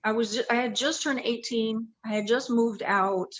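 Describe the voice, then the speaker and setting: A woman in her fifties from the Los Angeles area, USA, is an interview guest casually telling her life story, chatty and often correcting herself. Her voice is on the high side and fairly bright, with a steady tone and moderate pace, on a rough recording.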